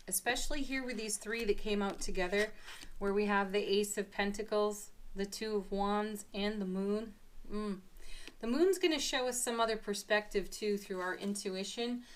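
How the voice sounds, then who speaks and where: Upbeat woman tarot reader, giggly, slow soft affirmations. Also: medium pitch, a little hiss or hum. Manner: soft affirmations with drawn-out pauses. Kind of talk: daily tarot card reading.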